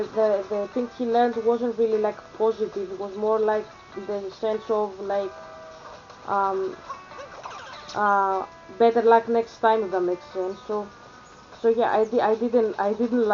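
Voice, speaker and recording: A young Greek woman with an Athenian accent chats casually in a rambling vlog, full of fillers and restarts. Her voice is mid-range with a darkish tone, and the audio sounds dull.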